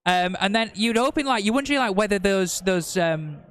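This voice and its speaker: A man's voice: sits high, animated, fairly quick, fairly bright tone. A man co-commentating a tabletop wargame, chiming in with frequent agreement. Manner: agreeable, frequent short affirmations.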